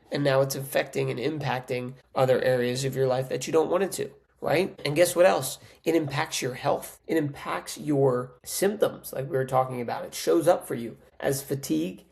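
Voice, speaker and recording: A man speaks as a podcast coach in a casual, earnest monologue. His voice sits at a middle pitch with a gravelly, creaky edge. He keeps it conversational, often tagging lines with a quick question to the listener. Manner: earnest, conversational, frequent "right?" tags.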